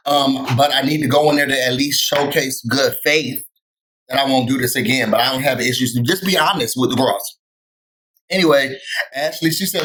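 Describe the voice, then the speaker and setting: A man giving a casual, sassy recap of a reality show, often jumping up in pitch to quote people. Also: fairly quick, fairly bright tone, poor audio. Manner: sassy and chatty, jumps to higher pitch when quoting people. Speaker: TV recap vlogger.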